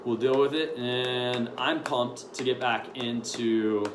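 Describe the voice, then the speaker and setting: A man's voice: mid-range voice, fairly even intonation, slow pace. A man coaching at a gym, giving a casual, upbeat update and workout briefing with lots of ums. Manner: upbeat, rambling with many ums. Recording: echoey room with faint noise.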